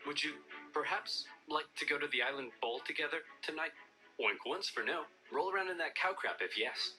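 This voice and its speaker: A man voicing a lovestruck, excitable sheep farmer man in an animated comedy, gushing and crying out. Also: on the high side, moderate pace, faint music behind, rough recording.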